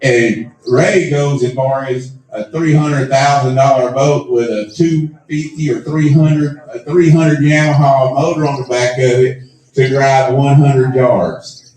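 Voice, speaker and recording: A man's voice: medium pitch, fairly even intonation, a little slow, a little mellow. A man hosting an awards show, telling a long self-mocking story and acting out the dialogue. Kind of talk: live storytelling to an audience. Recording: echoey room, mic at a distance.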